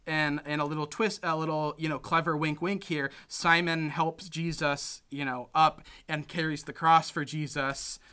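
A man's voice: on the high side, fairly even intonation, normal speed, hardly any pauses, bright, forceful tone, clear, resonant tone. A young man casually recapping a film plot, rambling with lots of "like" and "you know" and acting out the characters' lines. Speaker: podcast co-host recapping a film. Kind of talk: casual chat.

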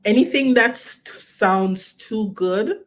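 A woman speaks as a film director and guest in a relaxed interview. Her talk is animated and chatty. She restarts phrases and checks in with the listener often. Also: mid-range voice, takes it slowly. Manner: animated, repeats herself, frequent "you know what I mean". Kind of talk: casual interview.

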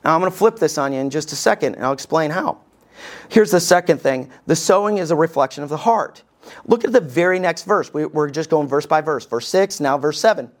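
A male lead pastor delivers a sermon in an easy, conversational way. He mixes in sarcastic jokes and keeps pausing to ask the congregation whether they are following along. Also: fairly high pitch, lively intonation. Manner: conversational, joking, checks in with the congregation.

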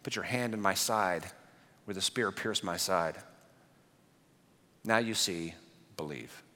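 Gentle patient Jesus, read by a male pastor, low, hushed, tender. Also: slow, in a large hall, exaggerated voice.

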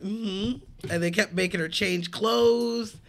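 Brief: male podcast co-host, a bit high-pitched, lively storyteller who swears freely. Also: takes it slowly. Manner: animated storytelling, acts out quoted people, swears freely. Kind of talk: casual movie podcast chat.

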